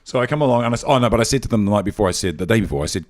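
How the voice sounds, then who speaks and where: A man, a podcast host and voice actor, telling rambling, excitable stories in casual chat. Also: on the low side, rapid-fire, hardly any pauses.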